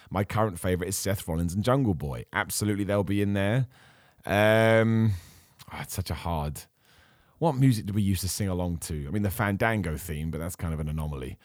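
A man hosting a casual podcast, reading out viewer questions and answering them with chatty enthusiasm while his voice turns hoarse. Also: on the low side, no room sound, studio quality. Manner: enthusiastic, chatty, frequent fillers and restarts. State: losing his voice. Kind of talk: casual chat.

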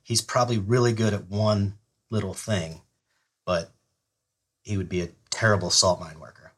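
Man, middle-aged, low husky voice, casual profane storytelling. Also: fairly even intonation, normal speed. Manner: profane, laid-back, laughs through his stories. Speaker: podcast guest, retired Army Ranger.

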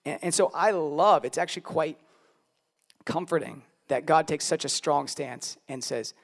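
A man's voice: fairly high pitch, a little slow, vocal fry. A man in his thirties preaching a sermon as pastor, earnest and emphatic, often repeating his key lines.

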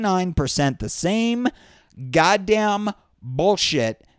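A man's voice: lively intonation, measured pace, smooth, no room sound, studio quality. A man hosting a show, delivering an exasperated, profane ranting monologue and slipping into mocking impressions. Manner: exasperated, swearing, with mocking high-pitched impressions. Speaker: podcast host.

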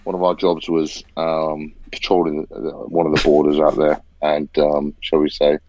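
A man's voice: rumbling low, monotone, moderate pace, a little mellow, rough recording. A man telling a military story in casual chat, swearing a lot as he talks. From Britain. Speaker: podcast host, ex-soldier event organiser.

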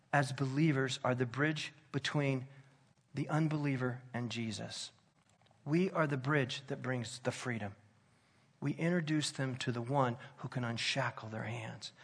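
Male preacher, sermon storytelling, earnest, conversational, mid-pitched voice. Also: slightly rough. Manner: earnest, conversational, drops to soft intensity.

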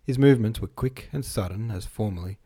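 A man giving a relaxed, informal reading of a classic novel, stumbling on long words and rereading them. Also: fairly low pitch, brisk, slightly rough. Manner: chatty asides between passages. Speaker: reader.

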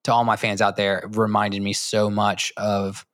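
A man's voice: fairly low pitch, completely flat delivery, measured pace, fairly bright tone, no room sound, clean studio sound. A man co-hosting a podcast, chatting casually and enthusiastically about a cartoon, full of fillers and restarts. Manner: rambling, enthusiastic, lots of fillers. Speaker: podcast co-host.

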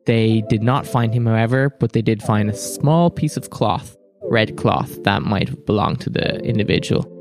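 Game master narrating over soft music. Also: male voice, on the low side, moderate pace, creaky, hardly any pauses. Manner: relaxed, laughs often.

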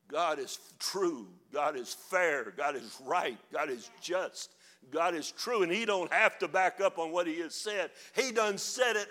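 An older man preaching a fiery sermon, building to shouted passages. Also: on the high side, unhurried. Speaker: pastor.

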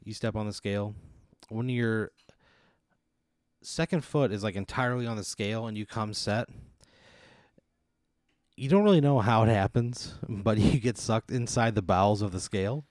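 Low-voiced man rambling through a hypothetical. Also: moderate pace, long pauses, a little mellow, dry recording, studio quality. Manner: rambling, many "like" and "uh" fillers. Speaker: comedy sketch host posing a hypothetical. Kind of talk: casual improvised storytelling.

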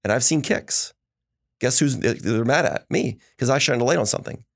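A man hosting a casual podcast, telling animated stories and acting out the quotes of the people in them. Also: mid-range voice, moderate pace, creaky. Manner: animated storytelling with acted quotes. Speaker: podcast host.

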